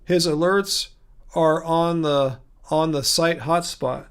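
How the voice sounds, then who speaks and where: A man with a fairly high voice hosts a relaxed livestream, chatting through viewer comments. He rambles, circles back on himself and restarts often, with small chuckles along the way. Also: slow, clear, resonant tone. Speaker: livestream host. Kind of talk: casual livestream chat answering viewer comments.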